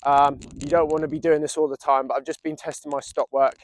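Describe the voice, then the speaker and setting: A man's voice: a little high, brisk. English man explaining dog training. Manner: calm explanatory, giving short commands to a dog. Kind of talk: outdoor training lesson to camera. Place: outdoors in a field.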